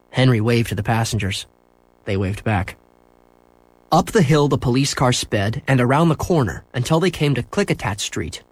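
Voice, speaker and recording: A man reading a children's book aloud, expressive and acting out the sound effects. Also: mid-range voice, husky, no room sound. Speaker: storyteller.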